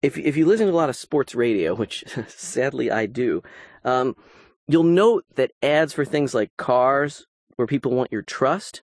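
A man's voice: medium pitch, expressive, measured pace, no echo. Man lecturing in a dry studio sound. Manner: explanatory, conversational, with asides. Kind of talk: recorded lecture.

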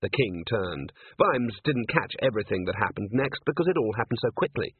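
Lively male audiobook narrator, tinny sound. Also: lowish voice, a little fast, husky, no echo. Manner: lively, expressive storytelling. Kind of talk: audiobook reading. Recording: tinny phone-like sound, dry.

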